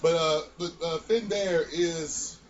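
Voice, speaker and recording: A man's voice: a little high, fairly even intonation, slow pace. Laughing man reading wrestling news. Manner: laughs often, reads news stories aloud. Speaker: podcast co-host. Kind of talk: casual wrestling chat. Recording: dull lo-fi sound with faint noise.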